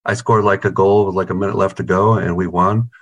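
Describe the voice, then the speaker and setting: The audio is dull as a middle-aged New York man, a band's guitarist, chats in an interview over video call. Fairly quick and low-pitched with a steady tone, he tells rambling, profane stories and repeats words.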